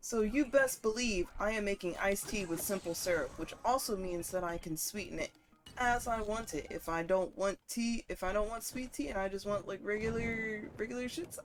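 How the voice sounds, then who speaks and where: A woman streamer chatting casually and profanely while she plays a game, getting worked up and loud at times. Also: mid-range voice, normal speed, faint music behind. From northern United States. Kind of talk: casual gaming stream chat.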